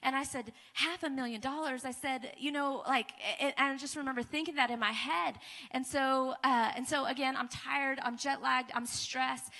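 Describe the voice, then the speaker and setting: A woman guest speaker telling her testimony at a church service, emphatic and repetitive, swinging from hushed to loud. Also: high voice, fairly even intonation, moderate pace, creaky. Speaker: guest speaker, ministry founder. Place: church sanctuary before a congregation. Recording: long hall reverb of a church.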